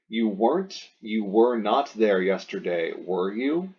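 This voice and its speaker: A low-voiced man talks slowly through a grammar lesson, explaining each step patiently and stopping to rephrase. The recording is dull and lo-fi. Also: sing-song, a little mellow. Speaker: Latin teacher. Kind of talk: recorded lesson walking through exercise sentences.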